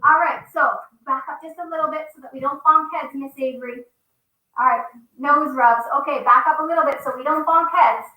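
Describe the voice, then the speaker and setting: A woman's voice: high-pitched, fairly quick, pushed and bright, far from the mic. A woman teaching a children's yoga class over a video call, coaxing and upbeat as she talks straight to the kids and reads them a story. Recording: roomy echo.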